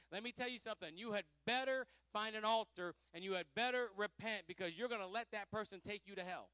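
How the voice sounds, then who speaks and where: A male pastor leads a Pentecostal Bible study with fervent, animated energy, laughing often and shifting between loud exhortation and quiet asides. His voice is high and fairly quick, with few pauses and no echo.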